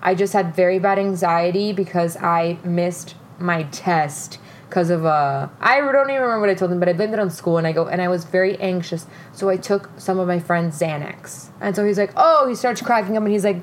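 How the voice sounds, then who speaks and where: A woman's voice: fairly low pitch, fairly quick, slight background noise. A young woman hosting a podcast, telling a dating story in casual chat, candid and profane, quoting people as she goes. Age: young adult. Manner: candid, profane, animated retelling with quoted voices. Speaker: podcast host.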